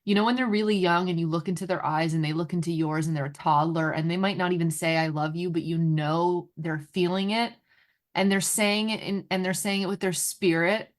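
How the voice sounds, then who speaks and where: A woman's voice: lowish voice, steady tone, brisk. A woman hosting a podcast, chatting casually with her guest, affirming her and bantering playfully. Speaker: podcast host. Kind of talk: casual chat.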